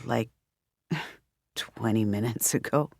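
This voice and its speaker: A woman's voice: rumbling low, takes it slowly, vocal fry, a little mellow, dry recording, studio quality, pitched below the performer's own voice, heavily acted. A woman doing a dazed stammering young man. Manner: hesitant, stammering, shaken. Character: dazed, confused young man, newly arrived.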